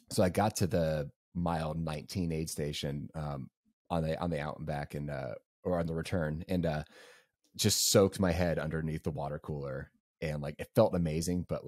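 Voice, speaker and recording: A man's voice: a bass voice, darkish tone, dry recording, studio quality. A young man co-hosting a podcast, telling a race story casually and rambling with lots of fillers. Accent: Southern US. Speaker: podcast co-host.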